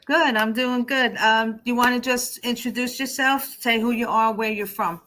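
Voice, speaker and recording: A woman's voice: on the high side, steady tone, moderate pace, pushed and bright, slight background noise. A woman with a New Jersey accent hosting a casual online show, chatty and upbeat, with plenty of fillers. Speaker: host.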